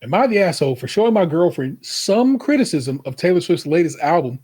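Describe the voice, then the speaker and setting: On the high side and husky, this podcast co-host's voice moves at a brisk clip. He swears freely while telling loose, lively stories, mimicking voices whenever he quotes someone.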